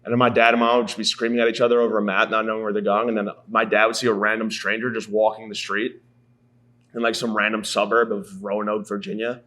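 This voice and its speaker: A man's voice: on the low side, level tone, fast, fairly bright tone. A man in his thirties delivering a rambling, profane, self-mocking comedy monologue as a podcast host. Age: 30s.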